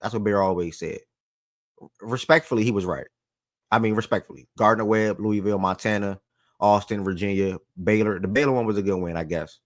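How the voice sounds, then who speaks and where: Slangy low-voiced sports show host. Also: male voice, brisk, no room sound. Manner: animated, repeats phrases for emphasis, slangy. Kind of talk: casual sports talk.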